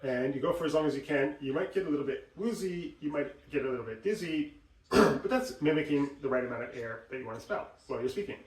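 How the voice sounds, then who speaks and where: A man teaching voice exercises, explaining and acting out examples in an animated way. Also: mid-range voice, quick pace. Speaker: voice coach. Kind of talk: instructional talk with demonstrations. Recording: roomy sound, mic at a distance.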